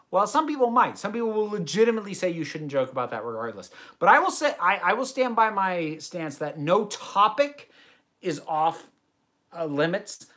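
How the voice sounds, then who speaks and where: This young American streamer sounds forceful, with a fairly high, bright voice. He runs a Q&A from his bedroom, reading questions from chat aloud and giving long, tangent-filled answers.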